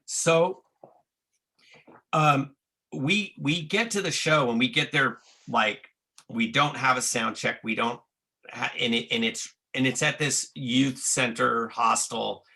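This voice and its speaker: Man, casual storytelling, frequent restarts, swearing, bright tone. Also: mid-range voice, unhurried, gravelly. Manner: profane, restarts a lot, acts out quotes. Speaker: guest telling a tour story.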